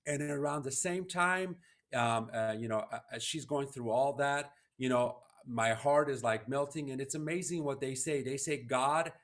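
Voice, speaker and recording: A man hosting a podcast, telling a personal story in an earnest, emotional, heartfelt way. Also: medium pitch. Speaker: podcast host.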